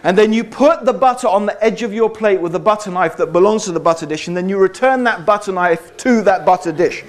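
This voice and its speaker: A man giving a public talk to a live audience, conversational and wry, often checking in with "okay?" and "right?". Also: high voice. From Britain. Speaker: speaker addressing an audience.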